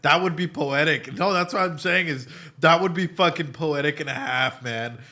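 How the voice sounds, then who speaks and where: Excitable, swearing man reacting on stream. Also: a little high, normal speed. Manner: excitable and emotional, swears often; thinks aloud with repeated restarts. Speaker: psychologist reacting to anime. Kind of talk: casual stream reaction commentary.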